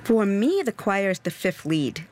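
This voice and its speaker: An opera composer answering interview questions in an enthusiastic, expressive way, with the pace speeding up and slowing down. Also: mid-range voice, slight background noise.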